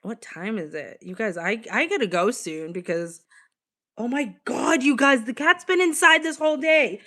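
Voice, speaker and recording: A woman's voice: fairly high pitch, lively intonation, normal speed, sharp tone. A young woman chatting casually on a livestream from home, swearing freely and reading the chat aloud. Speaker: live streamer. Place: home, evening.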